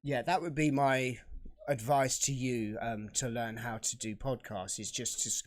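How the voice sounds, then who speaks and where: A man's voice: medium pitch, steady tone, measured pace. A man co-hosting a live trading stream, chatting casually with frequent fillers and easy laughs. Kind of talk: casual chat.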